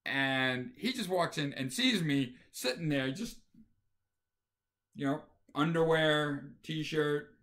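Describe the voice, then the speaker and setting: A man's voice: on the high side, slow. A man hosting a stitching video show, telling a story casually and chuckling along the way. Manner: animated, chuckles through the story.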